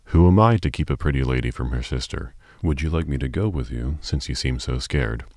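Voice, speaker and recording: A man's voice: rumbling low, brisk, a little mellow, no echo. A man reading an audiobook, voicing a dashing young man in his twenties with a breezy, laughing, condescending manner. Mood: patronizing.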